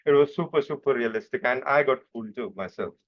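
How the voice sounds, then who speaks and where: A young man answering interview questions in a relaxed, explanatory way, often stopping and restarting. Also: medium pitch, quick pace. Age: young adult. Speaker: interview guest. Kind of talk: casual chat. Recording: dull lo-fi microphone.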